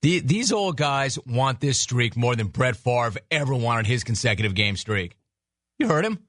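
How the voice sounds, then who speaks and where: Very animated, the same kind of sports talk host mocks his targets in fast, sarcastic bursts. His pitch is mid-range and his tone a touch bright. Captured close to the mic, the sound is dry with no echo.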